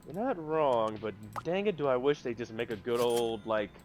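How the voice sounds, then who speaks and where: A man chatting casually on a live stream, rambling excitably about movies with big jumps in pitch and loudness. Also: moderate pace, slight background noise. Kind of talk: casual chat.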